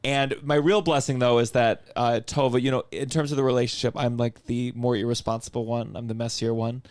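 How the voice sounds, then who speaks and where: Male podcast host, mid-pitched, wry and quick, close dry mic. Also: flat delivery, a little mellow, no echo. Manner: joking, quick asides. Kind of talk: casual podcast chat.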